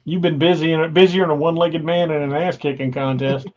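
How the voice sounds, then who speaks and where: A Midwestern man chatting on a podcast in an easygoing way, quick with comebacks. His voice sits a bit high, and his audio sounds dull and muffled. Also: steady tone, a little mellow. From American Midwest. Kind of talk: casual podcast chat.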